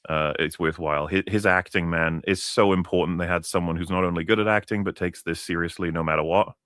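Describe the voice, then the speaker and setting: A man chats casually, enthusiastic and swearing, often restarting his sentences. His voice is very deep. It is recorded dry and close. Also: fairly even intonation, a little fast, fairly bright tone, no echo. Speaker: co-host of a review stream. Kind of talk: casual chat.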